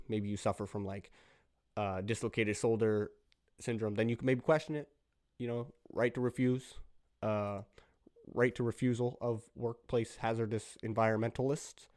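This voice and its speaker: A young man hosting a casual solo podcast, rambling playfully in slangy talk that jumps now and then into loud bursts. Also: fairly low pitch, no room sound, clean studio sound. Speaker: podcast host.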